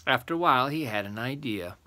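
Older male storyteller, bright tone, very lively pitch, bedtime read-aloud. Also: fast talker. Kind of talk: children's bedtime story reading.

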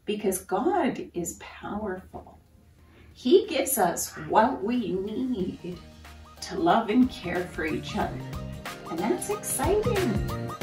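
Animated woman hosting a preschool lesson. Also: mid-range voice. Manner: animated, playful, talking to a puppet or pet. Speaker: children's ministry host. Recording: roomy, somewhat distant mic, soft music.

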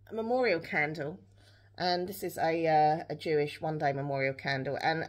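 A young woman, chatting casually to camera in a rambling day-in-the-life vlog, full of fillers and restarts. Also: mid-range voice. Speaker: vlogger.

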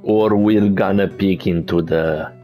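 A man's voice: sits low, steady tone, unhurried, dark tone, faint music behind. A man playing a video game as host, making wry joking asides in casual commentary. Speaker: let's play host.

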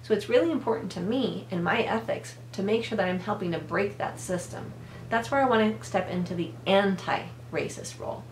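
A woman's voice: medium pitch, fairly quick, echoey room, a little hiss or hum. A woman educator giving an earnest workshop talk, acting out the people she quotes. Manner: earnest, acts out quoted voices.

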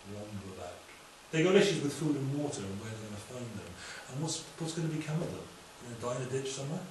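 Man preaching in an echoey hall. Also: medium pitch. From Wales. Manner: lively, conversational preaching with asides and quick humor. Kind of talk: sermon. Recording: echoey hall, distant from mic, faint room noise.

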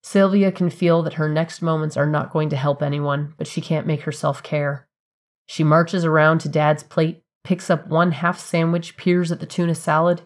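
Low-voiced woman narrating a story. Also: little pitch movement, normal speed. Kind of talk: scripted fiction narration.

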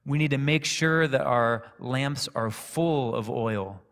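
A man preaching a sermon in a church, telling a personal story in a calm, conversational way. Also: medium pitch, slow. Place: church sanctuary. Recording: reverberant church hall.

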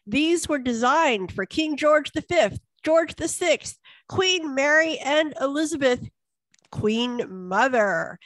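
High-voiced playful woman host. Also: animated, slow, fairly bright tone, dry recording. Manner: playful, teasing. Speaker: co-host and facilitator. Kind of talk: casual online meetup hosting.

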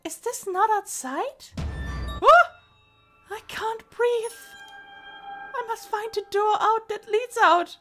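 A timid, frightened young woman from a game story, put on by a woman reading aloud, speaks in a breathless, pleading voice. The tone sits well above the reader's own and sounds slightly distant from the mic, with soft game music behind. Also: extremely high pitch, slow pace, long pauses, pitched above the performer's own voice, heavily acted. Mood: nervous.

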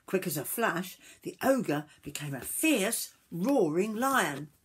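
An older woman reading a picture book aloud to children, gentle and stopping to point at the pictures. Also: fairly low pitch, big pitch swings, slow pace, husky. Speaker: storyteller grandmother.

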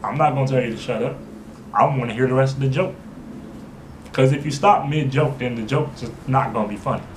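A man's voice: medium pitch, brisk. Rambling man telling a storytime, noisy backdrop. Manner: rambling, repeats "you know what I'm saying", stumbles and restarts. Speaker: vlogger. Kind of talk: casual storytime.

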